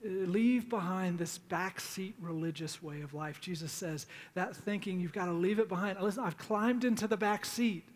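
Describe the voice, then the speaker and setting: A middle-aged man preaching a sermon, telling stories in a conversational way and slowing down to plead. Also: high-pitched. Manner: conversational storytelling with pleading, dramatic pauses. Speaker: pastor.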